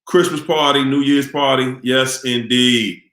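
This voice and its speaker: A man hosting a live stream in a relaxed, upbeat way, greeting viewers by name as he signs off. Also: mid-range voice, a little slow. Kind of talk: casual live-stream sign-off. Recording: echoey room.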